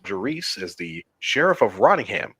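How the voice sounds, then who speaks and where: Film podcast co-host, a man with an animated pitch, reading facts and ratings with dry, wry asides. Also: normal speed, husky. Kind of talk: casual chat.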